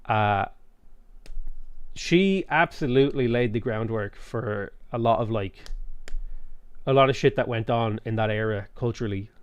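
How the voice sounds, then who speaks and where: A man's voice: mid-range voice, measured pace, pauses often, clear, resonant tone, dry recording. Irish man chatting loosely while gaming. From Ireland. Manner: rambling, swears freely, reads chat aloud. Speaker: streamer. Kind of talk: casual chat while playing a strategy game.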